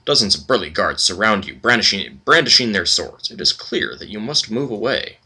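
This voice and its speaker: A man's voice: on the low side, big pitch swings, fairly quick, gravelly, sharp tone, slight background noise. A man hosting a let's play, reading game text aloud and commenting casually with wry asides.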